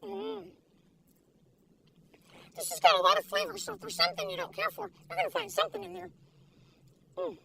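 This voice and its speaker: Squeaky, excitable woman reviewing food. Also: fairly quick, vocal fry, pauses often. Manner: excitable, giggly, gushing. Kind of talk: casual taste-test vlog. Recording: distant mic with faint background noise.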